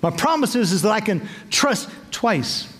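Man in his 60s preaching, high lively voice, playful storyteller, swoops all over. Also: measured pace, big-room sound. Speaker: bishop preaching. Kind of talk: sermon.

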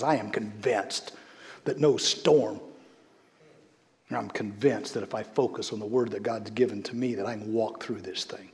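A man preaching a sermon as a bishop, swinging between loud calls and hushed storytelling. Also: fairly low pitch, steady tone, normal speed. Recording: long hall reverb.

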